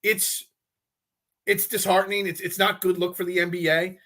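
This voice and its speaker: High, bright-voiced rambling sports host. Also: male voice, level tone, moderate pace. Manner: rambling, frustrated, stumbles and restarts often. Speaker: sports talk show host. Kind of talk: casual live-stream sports talk.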